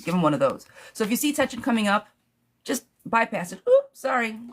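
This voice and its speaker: A woman's voice: a little high, very animated, fairly quick, slight background noise. A woman giving a chatty live tarot reading, calling viewers darling and girl as she answers their questions. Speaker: tarot reader.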